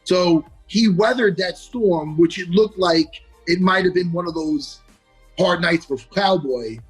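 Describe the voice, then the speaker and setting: A man talking through a fight in casual chat, animated and quick to act out what fighters might have said, tripping over his words when wound up. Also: sits high, slightly rough, soft background music, rough recording. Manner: animated, acts out quotes, stutters when wound up. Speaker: MMA analyst.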